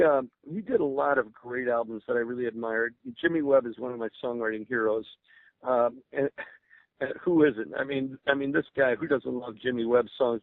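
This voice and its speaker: Gravelly older man telling stories on the phone. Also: medium pitch, no room sound. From Berwyn, Illinois, USA. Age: 60s. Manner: eager storyteller, restarts words, laughs often. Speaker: guest musician. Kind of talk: radio interview storytelling. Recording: narrow phone-line radio sound.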